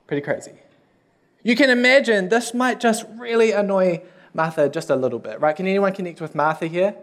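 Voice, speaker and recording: A youth pastor preaches in a high, light voice. His delivery is casual and conversational, with joking, self-deprecating asides to the listeners. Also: fairly quick. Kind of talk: sermon.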